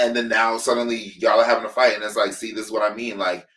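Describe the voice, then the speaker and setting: Low-voiced male co-host, casual podcast recap, animated storyteller who acts out the quotes, somewhat distant from the mic. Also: quick pace. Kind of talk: casual review chat.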